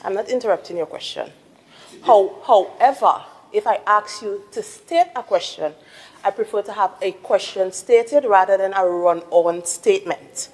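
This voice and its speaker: A woman from Tobago, the presiding officer chairing a parliamentary sitting, speaking in a firm, measured, admonishing way. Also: medium pitch, a little mellow. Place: assembly chamber. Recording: long reverb of a chamber.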